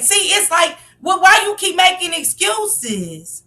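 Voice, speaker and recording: Woman ranting on her stream, loud and emphatic, bright voice kinda far from the mic. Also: very high voice, sing-song, a little slow. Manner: passionate, emphatic, rhetorical questions, sometimes shouting. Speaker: livestream commentator. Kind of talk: heated live-stream commentary.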